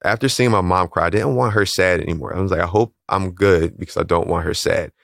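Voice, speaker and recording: A man with a very low, gravelly voice, the founder of a calisthenics league, tells a personal story as an interview guest. He stays calm and measured, voicing the people he quotes, and his voice sounds close and dry with no echo from the room.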